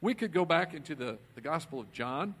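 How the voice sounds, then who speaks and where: A man preaching a conversational sermon as a pastor, swinging between loud emphasis and quiet asides. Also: on the high side, lively intonation, fairly quick, slightly rough.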